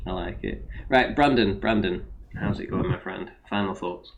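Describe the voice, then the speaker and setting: A man's voice: sits low, normal speed, highs cut off, slight background noise. A man hosting a live debate stream, talking casually with lots of ums and short laughs. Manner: laid-back, many fillers and laughs. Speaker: host of a live debate show.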